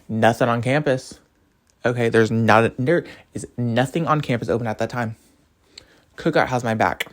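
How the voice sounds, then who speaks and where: A young man in college ranting casually to camera, rambling from topic to topic. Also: medium pitch. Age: young adult. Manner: animated, rambling, jumps between topics. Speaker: college student vlogger.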